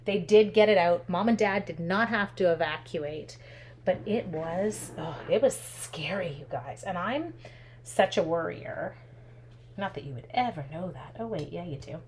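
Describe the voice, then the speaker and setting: A woman's voice: lowish voice, a little slow, slight background noise. A chatty woman giving a casual craft tutorial while telling stories as she works. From Canada. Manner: chatty, animated, talks while working with her hands. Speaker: craft demonstrator.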